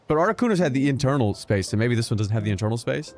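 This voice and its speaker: A man's voice: medium pitch, expressive, rapid-fire, darkish tone. A man streaming a video game, chatting casually, joking and swearing freely as he plays. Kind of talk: casual gameplay commentary. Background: game music.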